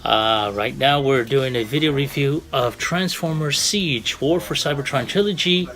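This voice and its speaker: A man's voice: mid-range voice, unhurried, a bit bright. A man doing a casual toy review, talking in a rambling, friendly way with many fillers and restarts.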